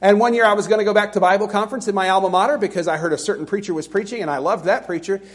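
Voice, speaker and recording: A man's voice: high-pitched, very fast. A middle-aged man from Alabama preaching a sermon as a pastor, conversational and self-deprecating, with laughing asides.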